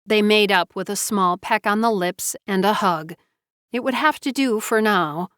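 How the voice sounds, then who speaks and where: A woman's voice: mid-range voice, measured pace, a bit bright, smooth, no echo. A woman narrating an audiobook, dry close sound. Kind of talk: scripted narration.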